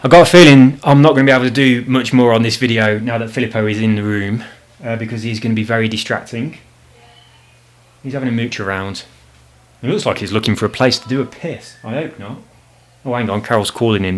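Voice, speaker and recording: A man's voice: medium pitch, fairly quick, long pauses. Rambling man with frequent swearing. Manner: rambling, swears freely, frustrated. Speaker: gaming channel host. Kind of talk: casual chat over gameplay. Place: home apartment.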